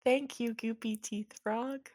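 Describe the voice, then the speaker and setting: A woman voicing a composed, weary wife at a tabletop game, speaking softly, politely and unflappably. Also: on the high side, steady tone, slow pace, no room sound, studio quality, pitched above the performer's own voice.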